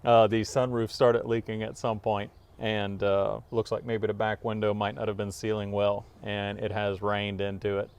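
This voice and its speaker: Upbeat laughing man, smooth voice. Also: on the low side, flat delivery, a little mellow. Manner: upbeat, quick to laugh, rambling explanations. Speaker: host. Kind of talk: casual chat.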